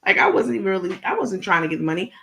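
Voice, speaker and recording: A woman hosting a casual commentary vlog, talking straight to her viewers in an animated, profane, digressive way. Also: mid-range voice, racing. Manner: playful, digressive storytelling. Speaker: commentary vlogger.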